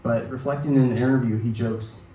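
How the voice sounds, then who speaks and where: A man in his thirties reading his own personal essay aloud at a literary event, in a measured, self-deprecating way. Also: medium pitch, mellow, highs cut off. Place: event hall at a book release reading. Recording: echoey hall, distant mic, faint noise.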